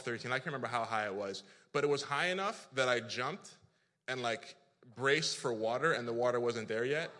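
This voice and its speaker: A man from Africa, telling an animated, self-deprecating story in a sermon, full of restarts. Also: medium pitch. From South Africa. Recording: reverberant hall.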